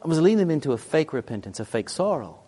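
A man preaching a sermon as a pastor. He tells personal stories in an animated, emphatic way that swings between loud and quiet. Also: a little high, fast, slightly rough.

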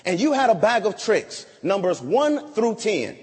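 A man preaches in a sermon, dramatic and theatrical, acting out scripture scenes in different voices. His voice sits high and swings widely in pitch. It rings with a long reverb, as in a large church hall. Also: sing-song, a little slow, hardly any pauses, darkish tone.

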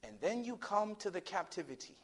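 High-voiced dramatic male preacher. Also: big pitch swings, brisk. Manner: dramatic, swings from loud declaiming to hushed near-whisper; storytelling with acted voices. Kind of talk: sermon.

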